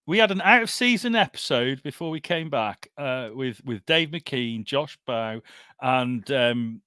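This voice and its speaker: A man's voice: medium pitch, animated, a little slow, pushed and bright, clear, resonant tone, no room sound, studio quality. A man hosting a live comics podcast over a video call, chatty and laughing often. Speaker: podcast host. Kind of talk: casual live show chat.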